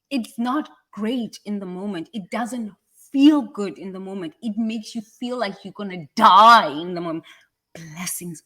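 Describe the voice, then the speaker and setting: A South African woman with a British-tinged accent giving a passionate motivational talk, swinging from quiet asides to loud, emphatic repeated lines. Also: medium pitch. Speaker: speaker on personal growth.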